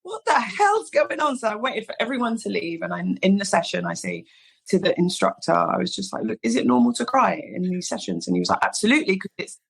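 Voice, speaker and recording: This woman talks fast, her fairly low voice carrying vocal fry and a breathy edge. A hairstylist founder and podcast guest, she animatedly recounts a personal story in casual conversation, performing the dialogue with plenty of "like"s.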